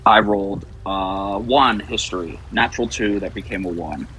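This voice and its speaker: Deep-voiced man playing a tabletop game. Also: normal speed, bright, forceful tone, slight background noise, poor audio. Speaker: player. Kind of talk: casual game chat.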